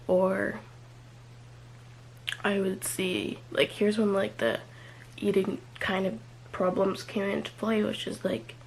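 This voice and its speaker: A young woman talks through a personal confessional vlog, pausing often and stringing her thoughts together with "like". Her voice has a gravelly fry, and a faint hum sits under the recording. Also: mid-range voice, poor audio. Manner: hesitant, filler-heavy, many "like"s and trailing off. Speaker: vlogger.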